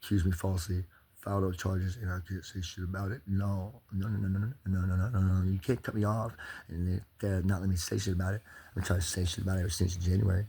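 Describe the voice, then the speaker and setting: Low husky guy ranting on his channel, cussing a lot, all worked up. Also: flat delivery, quick pace, mellow. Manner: profane, agitated, rambling. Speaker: vlogger. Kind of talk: angry venting monologue.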